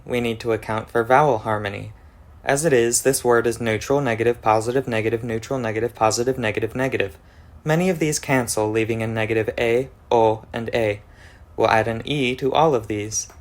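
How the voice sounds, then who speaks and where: A man giving a methodical, scripted explanation of an invented language, going through worked examples step by step. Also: medium pitch. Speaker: conlang presenter.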